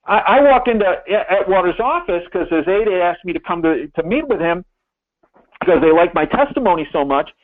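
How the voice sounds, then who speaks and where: High-voiced older man on a phone line. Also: animated, moderate pace, no echo. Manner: rambling with many restarts, emphatic. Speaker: guest. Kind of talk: phone-in interview storytelling.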